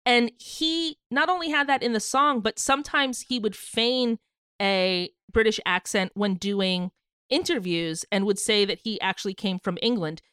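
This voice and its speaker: A woman co-hosting a music podcast in casual chat, laughing often and halting with fillers. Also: mid-range voice, a bit bright, clean tone, no room sound, clean studio sound. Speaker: podcast co-host.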